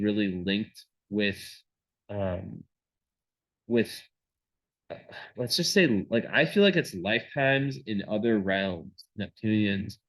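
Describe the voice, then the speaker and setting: A man's voice: fairly low pitch, fairly bright tone, low-quality recording. A man giving a casual astrology reading, rambling with many fillers and restarts.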